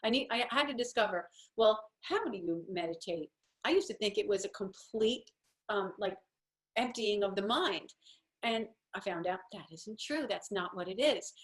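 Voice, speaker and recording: A woman's voice: medium pitch, normal speed. A woman home-organizing coach giving a chatty, encouraging talk while sharing her screen. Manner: chatty and encouraging, acts out little quoted voices.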